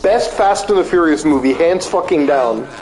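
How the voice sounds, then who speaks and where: Playing a game on stream, this man speaks at a moderate pace in a higher-pitched voice, chatting loosely and breaking into animated, swear-filled rants.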